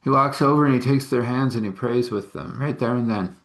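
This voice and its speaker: A man's voice: medium pitch, a little fast, vocal fry, a bit bright. A man casually telling a story, rambling with conversational asides.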